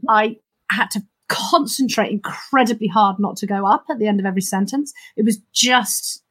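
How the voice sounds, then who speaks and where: A woman's voice: medium pitch, normal speed, a bit bright, slightly rough, no room sound. A woman co-hosting a podcast in casual chat, playful, with jokey asides. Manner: playful, jokey asides and lots of laughing agreement. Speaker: podcast co-host.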